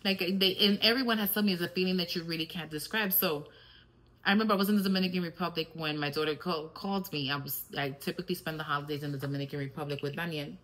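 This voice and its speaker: A woman's voice: low voice, fairly even intonation, quick pace, a bit bright, poor audio. A middle-aged woman hosting a podcast, candidly and reflectively telling personal stories in a casual, filler-filled monologue. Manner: switches briefly into Spanish. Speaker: podcast host.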